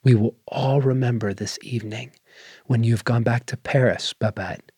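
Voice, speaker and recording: A man voicing a gentle, bewildered elderly spinster sister in a read story. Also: mid-range voice, fairly even intonation, normal speed, slightly rough, no room sound, clean studio sound.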